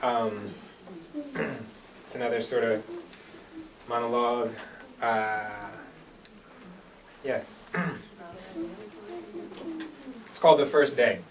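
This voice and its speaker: A man's voice: mid-range voice, very animated, extremely slow, long pauses, a crowd in the background. A man performing an earnest first-person dramatic monologue after a hesitant introduction. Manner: earnest storytelling, hesitant fillers when introducing. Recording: distant microphone.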